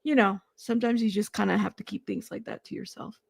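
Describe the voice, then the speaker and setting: A woman in her thirties hosting a casual livestream, chatting excitedly and greeting viewers by name. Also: mid-range voice, a little fast, creaky, no room sound, studio quality. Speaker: livestream host.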